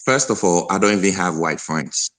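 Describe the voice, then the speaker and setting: Man, West African accent, very low voice, halting, restarts, insistent caller. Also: animated, fairly bright tone. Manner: halting, many restarts, rising insistent pitch when pressed. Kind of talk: call-in debate.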